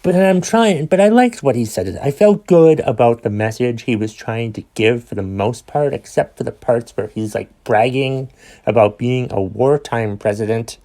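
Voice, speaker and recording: A man's voice: medium pitch, normal speed, warm tone. A man hosting his own podcast, ranting with exasperated sighs, swearing and many restarts. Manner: exasperated, profane, sighing rant with restarts. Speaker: podcast host.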